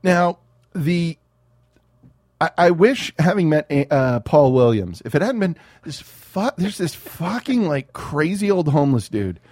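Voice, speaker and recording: Lively, foul-mouthed man chatting. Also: on the high side, unhurried, no echo, clean studio sound. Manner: animated, swears freely, mimics voices. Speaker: podcast co-host. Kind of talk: casual profane chat.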